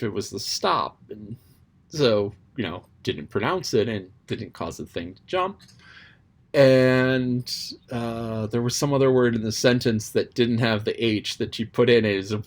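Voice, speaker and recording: A fairly low-pitched man casually thinks out loud about a book chapter he read aloud. The talk drifts, with lots of ums and restarts, and every so often he jokingly adopts quoted voices.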